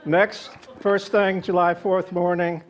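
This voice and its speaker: A man's voice: high voice, level tone, slow, background noise. A man minister giving a sermon to a congregation, a jokey storyteller who turns reflective when he teaches. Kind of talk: sermon with jokes and readings. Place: spiritual center service before a live audience.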